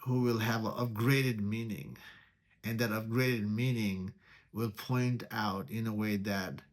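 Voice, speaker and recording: A man teaching meditation in a spiritual talk. He speaks deliberately, repeats key words, and poses rhetorical questions. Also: on the low side, fairly even intonation.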